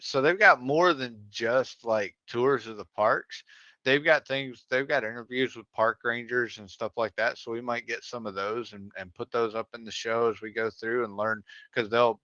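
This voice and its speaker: A man's voice: medium pitch, sharp tone, no room sound, dull audio. A man co-hosting a veteran livestream, recapping the episode in an easygoing way with plenty of "uh" fillers. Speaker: co-host of a veteran livestream show. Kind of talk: casual livestream recap chat.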